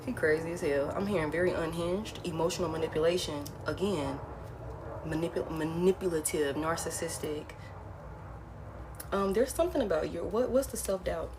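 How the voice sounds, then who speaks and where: Low-voiced woman doing a tarot reading. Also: normal speed, noisy background. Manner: repeats phrases, frank and blunt, addresses listener as baby. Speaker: tarot reader. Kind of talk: casual spoken tarot reading.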